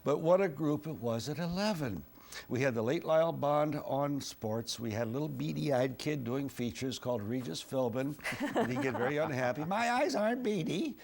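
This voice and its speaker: Gravelly older man telling a funny story. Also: mid-range voice, normal speed, slight background noise. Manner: wry, chuckling, animated storyteller. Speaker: TV weatherman and host. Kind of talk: humorous anecdote storytelling. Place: TV studio.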